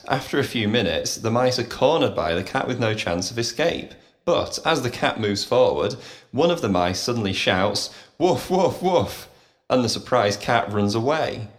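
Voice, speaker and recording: A man reading short jokes and stories aloud in a clear, expressive manner. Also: fairly low pitch. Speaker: storyteller. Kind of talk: scripted story narration for English learners.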